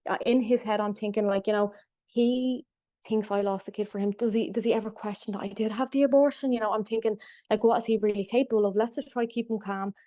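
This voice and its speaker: Flat-voiced young woman, halting storyteller. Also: medium pitch, dry recording. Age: young adult. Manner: halting retelling, full of "like" fillers and restarts. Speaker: podcast guest. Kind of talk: personal story in an interview.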